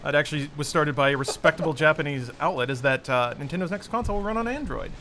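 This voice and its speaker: A fairly high-pitched man hosts a casual podcast and reads a sponsor spot between bits of chat. He rambles a little and often restarts his sentences partway through. A faint hiss of noise sits underneath. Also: fast talker, bright, forceful tone. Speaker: podcast host reading a sponsor ad.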